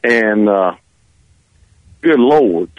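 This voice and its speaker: Old-school male talk show co-host, halting delivery with many restarts. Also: fairly low pitch, animated, dry recording, highs cut off. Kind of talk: casual talk show chat.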